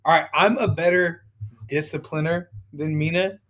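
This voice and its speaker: A man's voice: fairly high pitch, fairly even intonation, normal speed, fairly bright tone. A man co-hosting a podcast, a father who chats casually and makes teasing jokes. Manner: joking, teasing. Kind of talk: casual chat.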